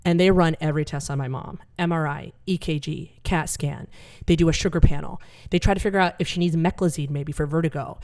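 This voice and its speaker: A woman telling a funny true story on stage before a live audience, with a lively, punchy comic delivery. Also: low-pitched, fairly quick, hardly any pauses. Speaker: storyteller and attorney.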